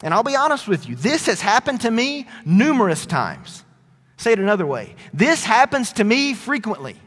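A man preaching a sermon as a pastor, conversational, shifting between loud emphatic lines and quiet, dropped phrases. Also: high-pitched, very animated, normal speed, husky, long reverb tail.

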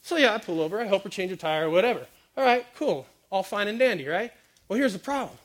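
A man giving a lively comic sermon, quizzing the crowd and acting out little stories. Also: high voice, fast. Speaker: preacher speaking to a youth audience.

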